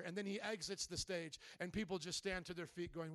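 A male pastor delivers a sermon in a high, impassioned voice. He presses the congregation with direct questions. The sound is dry, with no reverb. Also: brisk, hardly any pauses, bright, forceful tone.

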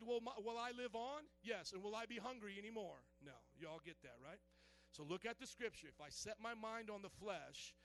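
A man's voice: extremely high pitch, fairly bright tone. A male pastor preaching a sermon in a conversational way, quizzing the congregation with questions and dropping joking asides.

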